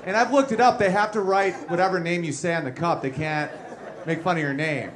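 A man's voice: high voice, fairly quick. A man in his thirties doing a crude, boastful stand-up set, acting out the characters in his story. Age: 30s. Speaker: stand-up comedian. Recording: noisy live room with crowd laughter.

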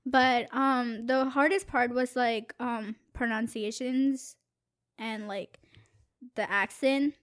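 A woman's voice: fairly high pitch, steady tone, slow pace, a bit bright. A young woman who is not a native English speaker, telling stories with many fillers and restarts in casual podcast chat. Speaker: podcast guest. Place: small studio booth.

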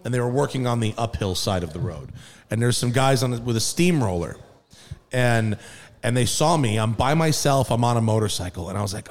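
A man in a podcast conversation telling an animated, rambling story and laughing often. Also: medium pitch, fairly quick, big-room sound. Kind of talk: casual storytelling.

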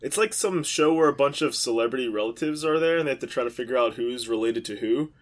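A man's voice: mid-range voice, fast talker. A man co-hosting a podcast, telling rambling jokey stories in casual chat with lots of fillers. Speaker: podcast co-host.

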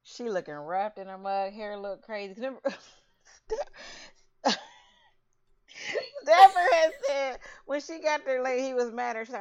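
A woman's voice: fairly high pitch, a little slow, long pauses. A woman co-hosting a casual chat, recapping a TV episode and acting out the characters' lines with slang. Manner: animated storyteller, acts out quotes with slang. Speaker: podcast co-host. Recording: slightly dull lo-fi audio.

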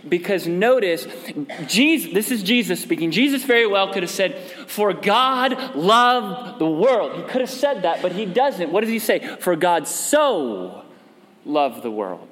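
A man's voice: high voice, animated, moderate pace, fairly bright tone, big-room sound. A male pastor preaching a conversational sermon and prompting the congregation to respond. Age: adult parent.

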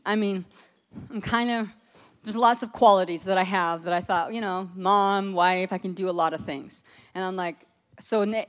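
Animated woman telling a personal story. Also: medium pitch. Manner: lively storyteller acting out quoted voices, laughs often. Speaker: speaker telling her story to a group.

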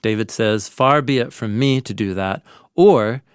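A man co-hosting a podcast, casually walking through a Bible story and acting out its lines with animated delivery. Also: fairly low pitch, unhurried, smooth, no room sound, clean studio sound. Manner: animated storyteller, acts out quoted lines with laughs. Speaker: podcast co-host, Bible teacher. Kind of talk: casual conversational Bible discussion.

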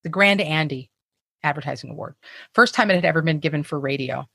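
A woman's voice: low-pitched, a little fast, gravelly, a bit bright, slightly rough, no echo, studio quality. A woman guest telling candid, self-deprecating stories in conversation, with frequent profanity.

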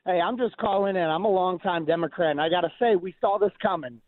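A man's voice: sits high, fast, no echo. A male caller on a radio call-in show, plainspoken and matter-of-fact. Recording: tinny phone line.

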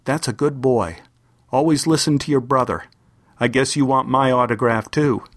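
A man's voice: mid-range voice, moderate pace, no echo, natural voice. A man voicing a big, hearty grown man who laughs and teases a small boy in a spoken memoir story. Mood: amused. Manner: hearty, teasing.

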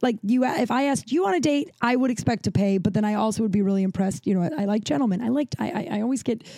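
A woman's voice: medium pitch, vocal fry, mellow, dry recording. A woman in her forties hosting a podcast, telling stories in a casual, chatty way full of "like". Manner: chatty, peppered with "like". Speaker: podcast host. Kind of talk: casual storytelling.

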